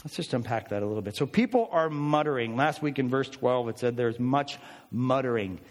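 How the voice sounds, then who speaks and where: A man preaching a sermon, explaining a passage with animated, emphatic rhetorical questions. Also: medium pitch, fairly quick. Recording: reverberant hall.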